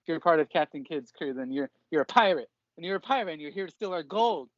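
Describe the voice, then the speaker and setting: Guy doing a jittery dwarf miner, repeats himself a lot, kinda high voice, muffled dry audio. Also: expressive, fast, dry recording, natural voice. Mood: pleading. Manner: nervous, repeats himself, pleading. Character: wary male dwarf mine leader, former slave.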